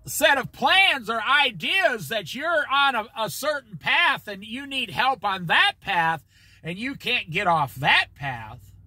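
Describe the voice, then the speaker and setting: Lively, bright-voiced man preaching. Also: very high-pitched, takes it slowly, dry recording. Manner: emphatic, conversational preaching with asides to listeners. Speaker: Bible study teacher. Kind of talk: informal Bible study sermon.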